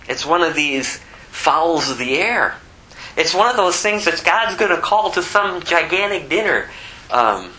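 Bright-voiced man teaching the Bible. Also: lowish voice, slight background noise, low-quality recording. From Phoenix area. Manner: rambling, conversational asides. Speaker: preacher.

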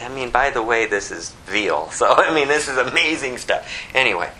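A male preacher delivering a sermon in a folksy, animated storytelling manner. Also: mid-range voice, moderate pace, slight background noise, rough recording.

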